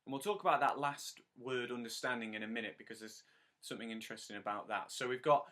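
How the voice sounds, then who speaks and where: A man's voice: medium pitch, bright, forceful tone. A man teaching a harmonica lesson step by step, patiently counting in and praising the learner. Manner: counts in and sings lines slowly; encouraging, patient.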